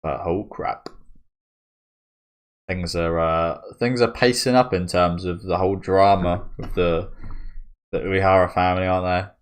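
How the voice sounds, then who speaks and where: Deep-voiced man musing over a manga chapter. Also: steady tone, unhurried, long pauses, clear, resonant tone. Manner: musing, chatty, with frequent fillers and chuckles. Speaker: manga reaction channel host. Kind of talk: casual reaction commentary.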